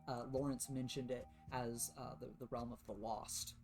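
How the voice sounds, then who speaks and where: A man's voice: mid-range voice, level tone, normal speed, vocal fry, darkish tone, soft background music. A man narrating as game master in a casual, rambling way. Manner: casual, many fillers and restarts.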